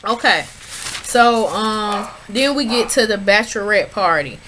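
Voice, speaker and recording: A woman's voice: mid-range voice, expressive, measured pace, a bit bright, a little hiss or hum, low-quality recording. A woman recapping a reality show in casual, sassy commentary, talking back at the screen and chatting to her viewers. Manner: chatty, addresses viewers as y'all. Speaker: reality TV reviewer.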